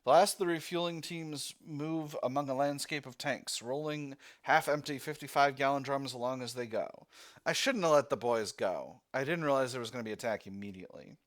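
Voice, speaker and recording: A man's voice: mid-range voice, fairly quick. Man reading a text game aloud. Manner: reads narration, thinking aloud with fillers and restarts. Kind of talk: let's-play narration.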